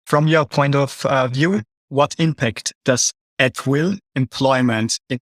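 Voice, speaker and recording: A man's voice: mid-range voice, slow pace, no room sound. A man moderating a webinar Q&A, reading out audience questions and giving short affirming replies. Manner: brief, affirming, reads out questions.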